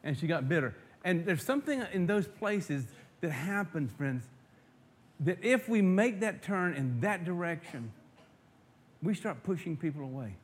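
Man preaching, loud on scripture, soft asides. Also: on the high side, lively intonation, unhurried, breathy edge. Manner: rises to loud emphatic reading of scripture, drops to soft asides; repeats words and restarts, addresses congregation as friends. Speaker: pastor. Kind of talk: sermon.

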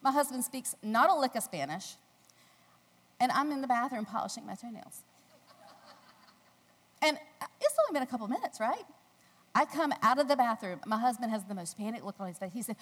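A woman from the United States giving a devotional talk, telling a personal story with animated delivery and acting out the voices in the story. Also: a little fast, pauses often. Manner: animated storytelling, acting out quotes in a squealing high voice. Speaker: speaker at a faith gathering. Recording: long hall reverb.

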